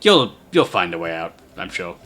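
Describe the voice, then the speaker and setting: A man's voice: low voice, sing-song, normal speed, fairly bright tone, faint music behind, pitched below the performer's own voice, heavily acted. A man voicing a gleeful, proud female goblin inventor who speaks in clipped, broken sentences.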